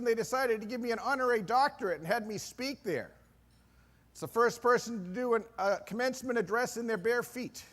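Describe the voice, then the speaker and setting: A middle-aged man from Maine giving an energetic, self-deprecating keynote speech in a conference hall. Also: high-pitched. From Maine, USA. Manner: excitable, self-deprecating storyteller. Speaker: keynote speaker.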